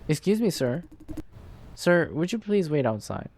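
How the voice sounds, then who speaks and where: A man's voice: fairly high pitch, big pitch swings, measured pace, darkish tone, a little hiss or hum, pitched above the performer's own voice. A man putting on a firm, polite nurse. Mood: insistent. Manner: insistent and formal. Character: brisk young female nurse, polite but firm.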